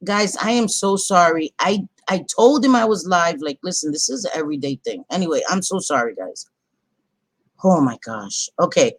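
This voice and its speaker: A woman's voice: lowish voice, animated, moderate pace, no echo. A woman hosting a casual livestream, chatty and apologetic, often breaking off to apologize to her viewers. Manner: chatty, apologetic, easily interrupted. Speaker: livestream host. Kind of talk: casual live commentary.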